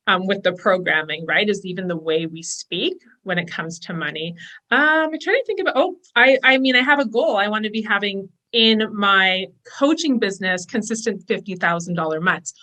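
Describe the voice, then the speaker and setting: Bright, chatty woman guest. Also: medium pitch. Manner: chatty, enthusiastic, quotes her own inner voice. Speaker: guest, business and money coach. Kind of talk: casual podcast conversation.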